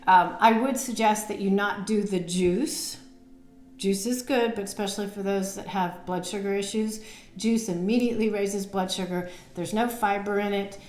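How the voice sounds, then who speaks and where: A woman nutrition coach chats to camera about health, loose and talkative, with plenty of ums and self-deprecating laughs. Her voice sits at a middling pitch. The room around her rings with echo. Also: steady tone, normal speed, darkish tone. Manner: chatty, many fillers, laughs at herself. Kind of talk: casual on-camera health advice. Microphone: camera mic.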